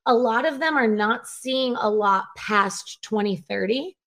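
Brief: upbeat higher-voiced woman in her thirties, laughing often, speaking from home on a call. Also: a little slow, fairly bright tone. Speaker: guest, revivalist preacher. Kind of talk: casual interview chat. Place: at home on a live video call.

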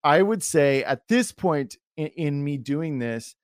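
A man's voice: on the high side, lively intonation, slow pace, no echo, clean studio sound. A man hosting a podcast interview, chatting casually and saying dude and like a lot. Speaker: podcast host.

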